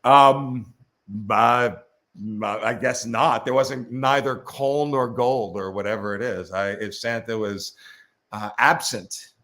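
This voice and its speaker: A man's voice: mid-range voice, steady tone, takes it slowly, sharp tone. Wry, rambling male co-host. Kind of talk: casual live-stream chat. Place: his father's home in a retirement community.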